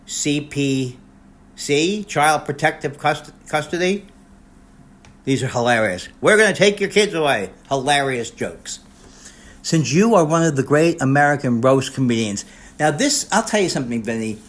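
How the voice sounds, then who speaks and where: An older man delivers a rambling comic roast, speaking at an ordinary middle pitch. He keeps cutting himself off mid-sentence and restarting. Sarcastic self-deprecating asides run through his delivery. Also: lively intonation, a little slow. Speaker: comedian recording a personalized video message.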